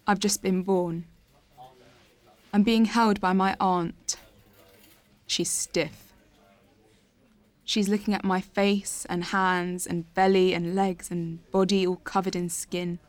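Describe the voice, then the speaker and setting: An actress narrating a radio drama as a young woman looking back on her family, in a slow, quiet, reflective first-person voice. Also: fairly low pitch, flat delivery, no echo. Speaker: lead narrator of an audio drama.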